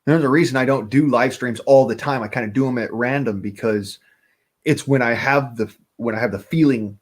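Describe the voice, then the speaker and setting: A man holds forth on his own livestream in loose, wandering talk. He swears freely and drifts between thoughts, with a voice of middling pitch. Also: normal speed. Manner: profane, rambling, swears often. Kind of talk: casual rambling livestream talk.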